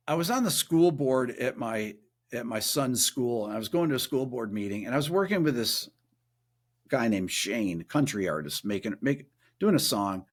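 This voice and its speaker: A man, a guest musician and producer, telling a story casually in a podcast interview and acting out quoted voices in a higher pitch.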